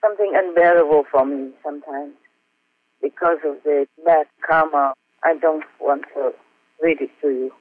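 A man reading aloud from his personal diary notes as a spiritual teacher, earnest and halting, with many fillers and small self-mocking laughs. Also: on the high side, fairly even intonation, no echo. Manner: earnest, heartfelt. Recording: tinny phone-like audio.

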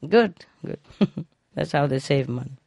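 Slow, chuckling joke teller. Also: mid-range voice, lively intonation, creaky, darkish tone, dry recording. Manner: laughs at own jokes, non-standard grammar. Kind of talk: telling a string of jokes.

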